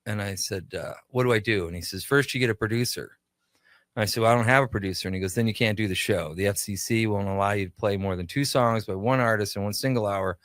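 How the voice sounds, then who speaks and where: A Minnesota man who creates radio shows sits as a studio guest, casually telling anecdotes and acting out the dialogue. His voice is lowish and a bit bright, quick-paced, with no echo.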